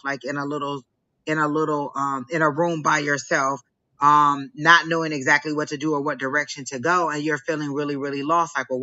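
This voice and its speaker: Deep yet bright and forceful, this woman's voice comes through with the highs cut off. As a live stream co-host giving a psychic reading, she rambles and says "like" a lot.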